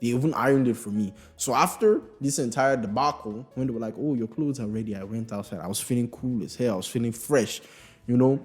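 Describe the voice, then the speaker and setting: Animated young man telling a story. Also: mid-range voice, brisk, breathy edge, faint music behind. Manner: animated, swears freely, laughs through lines. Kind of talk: casual comedic storytime.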